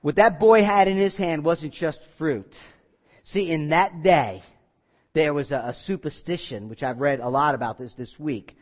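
A man's voice: fairly high pitch, moderate pace. A male pastor preaching a sermon in a folksy, joking way that turns earnest and emphatic. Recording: slightly muffled recording.

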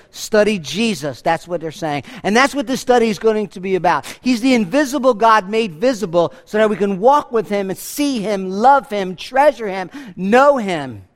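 A male pastor preaching a sermon to a church congregation, emphatic, swinging between loud declarations and hushed lines, asking rhetorical questions. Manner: emphatic preaching with big swings in pitch and loudness.

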